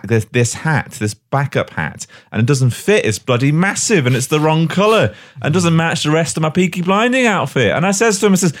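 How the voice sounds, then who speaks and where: A young man at middle pitch tells a comic story with big mock-dramatic swings and swearing. His voice jumps high for the quoted lines. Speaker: podcast host.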